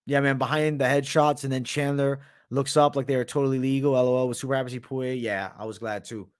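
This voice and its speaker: A laid-back man hosts a live stream and answers viewer questions in loose, casual chat. He swears freely and calls everyone "bro," in an easygoing, mid-pitched voice. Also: steady tone, a little fast, clear, resonant tone. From United States. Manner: laid-back, profane, says "bro" a lot. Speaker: livestream host.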